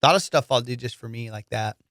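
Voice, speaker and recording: A man hosts a comedy podcast in a loose, casual storytelling style, swearing freely and sprinkling in fillers. His voice is smooth and clear, and the close mic leaves it dry. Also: medium pitch, quick pace, fairly bright tone, no room sound. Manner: loose, profane, lots of dude and fillers.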